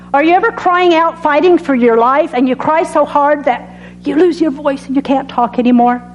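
Woman preacher delivering an earnest sermon with an altar call, measured and unhurried, soft music underneath. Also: high-pitched, poor audio. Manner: earnest, dramatic pauses, drops to soft tones on key phrases.

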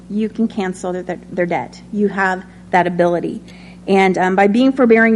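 A woman's voice: medium pitch, slight background noise. Woman teaching a conversational sermon. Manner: warm, personal, talks with many ums and light laughs. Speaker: Bible study teacher.

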